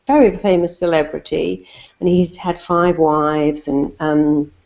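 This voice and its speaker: A woman's voice: deep voice, fairly even intonation, unhurried, vocal fry, darkish tone, muffled recording. A middle-aged English woman, a therapist, giving earnest, emphatic advice through anecdotes and repeating her key phrases. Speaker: therapist guest. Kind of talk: advice and anecdotes in a talk show.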